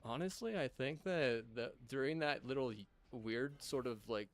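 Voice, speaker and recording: A man's voice: mid-range voice, expressive, normal speed. A man streaming, in a rambling rant full of swearing, restarts and filler words.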